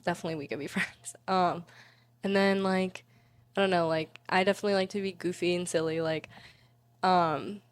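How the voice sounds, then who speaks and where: A woman's voice: fairly low pitch, steady tone, normal speed, clear, resonant tone. A woman in her twenties, an interview guest and student, chatting casually in a bubbly, giggly way with many "like"s. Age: 20s.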